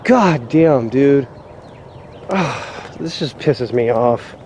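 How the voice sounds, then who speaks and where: A man's voice: medium pitch, expressive, extremely slow, darkish tone, a little hiss or hum. Foul-mouthed man ranting on a walk. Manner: profane, exasperated ranting. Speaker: vlogger. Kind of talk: walk-and-talk vlog rant. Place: outdoors on a rural trail among fields.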